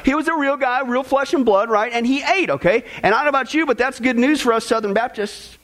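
Man, pastor, sermon, very high voice, animated, joking, church congregation. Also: fast talker. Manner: animated, joking, laughs at own jokes.

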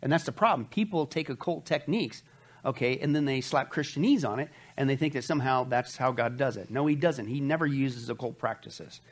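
A man's voice: medium pitch, fairly quick. A man teaching a Bible study in a conversational sermon style, emphatic and often asking his listeners rhetorical questions.

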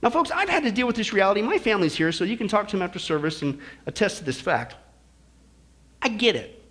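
A man preaching a sermon in church, folksy and joking, swinging from quiet asides to loud exclamations. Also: high voice, very animated, quick pace. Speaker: pastor.

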